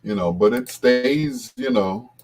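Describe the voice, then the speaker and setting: A man hosting a radio show, telling a casual story in a rambling way, full of restarts and asides, with his voice jumping up when he gets excited. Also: mid-range voice, takes it slowly, faint music behind.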